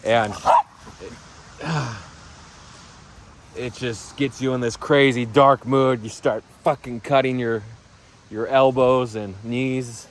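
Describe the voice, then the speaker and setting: A man's voice: medium pitch, steady tone, slow, pauses often, slight background noise. A man rambling offhandedly in a casual crypto vlog, swearing now and then. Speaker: crypto vlogger.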